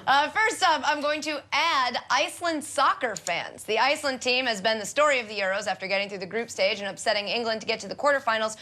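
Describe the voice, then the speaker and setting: A woman's voice: a little high, quick pace, few pauses, sharp tone. A woman hosting a comedic sports segment, sarcastic and joking, often laughing at her own lines. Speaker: host.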